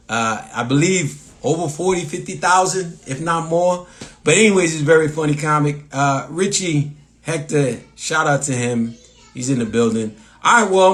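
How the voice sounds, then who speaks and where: A man's voice: medium pitch, a bit bright. A man from Massachusetts with a local accent, a comedian hosting a casual live stream, rambling with lots of fillers and restarts as he reads viewer comments aloud.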